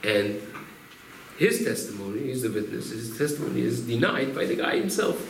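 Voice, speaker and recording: A man's voice: medium pitch, very animated, normal speed, vocal fry, a little hiss or hum. A man, a rabbi, teaching a Torah class through storytelling, acting out quotes and explaining Hebrew terms. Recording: roomy room echo, faint ambience.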